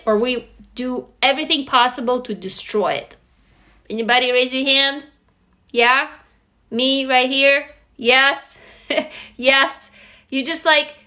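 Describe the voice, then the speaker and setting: A woman with a Russian accent hosts a casual phone livestream, chatting with viewers. Her voice is slightly high and very bright. She talks freely and swears now and then. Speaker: livestream host. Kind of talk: casual live-stream chat.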